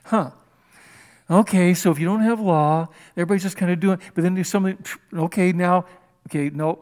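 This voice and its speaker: An older man preaching a sermon, animated and conversational, acting out little scenes of dialogue as he teaches. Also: sits high, a little fast. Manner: animated, acts out dialogue with rising and dropping voice. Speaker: pastor.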